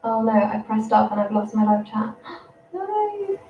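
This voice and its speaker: A young English woman in her twenties, a primary school teacher chatting casually on a livestream, rambling and quick to laugh. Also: medium pitch, completely flat delivery, a little hiss or hum. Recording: roomy, distant, dull sound.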